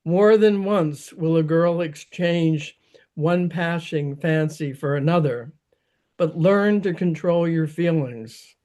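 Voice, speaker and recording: Lecturing young aristocrat, cool, man reading his part, unhurried. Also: on the high side, darkish tone. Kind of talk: reading a libretto aloud.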